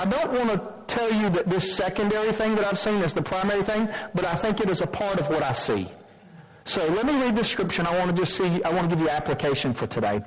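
A man with a notably high-pitched voice delivers a sermon from the pulpit. He preaches emphatically, weaving scripture reading into his points and often restarting his sentences. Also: poor audio. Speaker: pastor.

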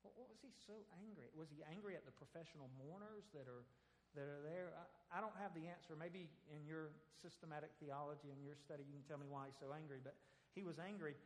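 A man's voice: fairly high pitch, brisk, long reverb tail. A man preaching a sermon, speaking conversationally and acting out the scripture quotes, with rhetorical questions to the congregation. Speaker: pastor.

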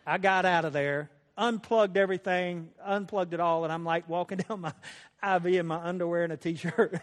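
A slightly high-voiced man tells a personal testimony in a folksy, chatty way. His voice rings out with a long reverb through a large hall. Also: steady tone, normal speed. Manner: folksy, conversational, with laughter. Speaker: speaker sharing a personal testimony. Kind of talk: storytelling testimony.

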